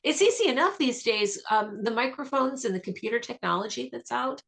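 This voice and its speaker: A woman vocalist talking as a guest in a radio interview, chatty and enthusiastic with quick asides. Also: fairly high pitch, lively intonation, vocal fry, a bit bright.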